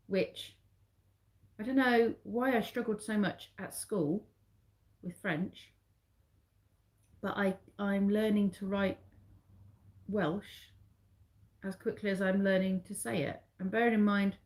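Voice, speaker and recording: A middle-aged woman with an English accent, chatting casually with live viewers and rambling as she corrects herself along the way. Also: medium pitch. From England. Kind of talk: casual live-stream chat.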